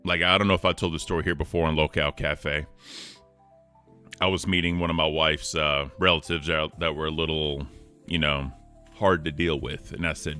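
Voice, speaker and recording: A man co-hosting a casual livestream chat in a deep voice, upbeat and thanking chat members by name. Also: flat delivery, moderate pace, pushed and bright, clean tone, soft background music. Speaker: co-host.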